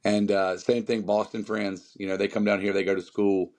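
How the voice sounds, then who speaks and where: A man's voice: fairly low pitch, level tone, normal speed, a little mellow. A man from North Carolina with a Southern accent, a musician guest chatting casually and emphatically, rambling with many fillers. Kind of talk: casual podcast chat.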